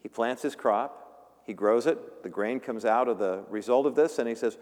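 A man's voice: medium pitch, moderate pace, a little mellow. A male pastor giving a conversational sermon, joking and acting out the voices in the story. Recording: long reverb of a large room.

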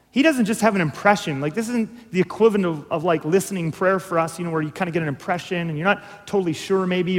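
A man preaching a conversational sermon, moving between hushed and emphatic delivery. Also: fairly high pitch. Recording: long hall reverb.

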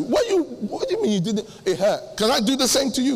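A middle-aged male pastor preaching, acting out little dialogues with sudden jumps in pitch. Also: lively intonation, fast, hardly any pauses. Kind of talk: sermon. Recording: long hall reverb.

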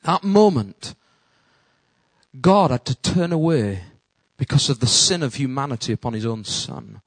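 A male pastor preaching a sermon, dropping to a hush and then rising to loud calls. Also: medium pitch, lively intonation, a little slow, pauses often, no room sound, poor audio.

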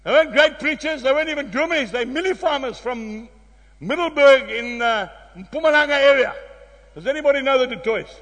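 A South African man preaching a sermon, telling a story with emphatic exclamations that drop to hushed tones. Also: very high-pitched, fairly quick. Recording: long hall reverb.

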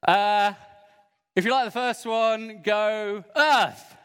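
A man's voice: high voice, fairly even intonation, slow pace, smooth. A man playing a pompous male serpent poet and playwright, performing a comic character in a church hall. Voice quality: pompous, hissing shushes. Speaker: children's church entertainer. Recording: echoey hall.

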